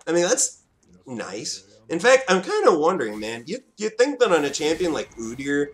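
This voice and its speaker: A man talks through his own match in a casual, excitable way. His voice sits a little high and leaps around in pitch. He drops to mutters, then bursts into shouts. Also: normal speed. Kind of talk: casual gameplay commentary.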